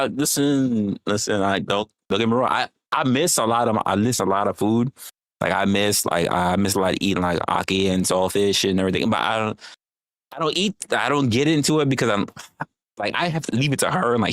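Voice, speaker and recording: Low-voiced american guy on a stream, rambling, cussing, teasing chat, dry close sound. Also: no echo. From United States. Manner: animated, rambling, swears freely, playful teasing. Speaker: livestream host. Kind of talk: casual livestream chat.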